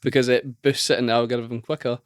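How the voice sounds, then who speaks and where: A man's voice: mid-range voice, little pitch movement, quick pace, no room sound, studio quality. A young man co-hosting a podcast, earnestly explaining his plans and giving advice in casual banter. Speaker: podcast co-host.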